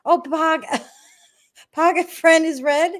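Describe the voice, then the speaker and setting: A woman's voice: extremely high pitch, fairly even intonation, takes it slowly. A woman hosting a livestream in a chatty, scattered way, laughing and greeting her viewers. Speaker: host. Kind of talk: casual livestream chat.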